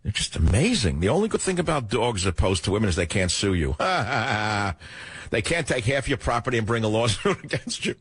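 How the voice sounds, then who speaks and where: An older man hosting a radio talk show, ranting sarcastically through an opinionated monologue with a husky voice. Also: mid-range voice, big pitch swings, fast talker, hardly any pauses, no echo.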